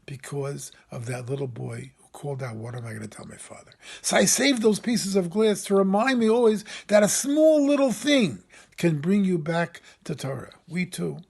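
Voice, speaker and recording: A man serving as a camp rabbi, telling a story in an animated sermon style, voice lifting when he quotes people. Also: sits high, normal speed. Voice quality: gravelly, husky.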